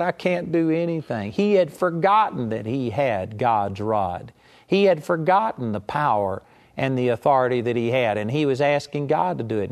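A man preaching a sermon, retelling a scripture story with animated emphasis and acted-out pleas. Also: medium pitch. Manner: animated storytelling, acting out prayers in raised voice.

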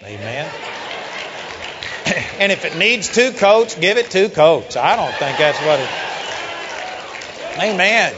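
A man preaching a sermon, emphatic, building up to loud rhetorical questions. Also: a little high, very animated, slow, pauses often, a crowd in the background, background noise. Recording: dull lo-fi sound with long hall reverb.

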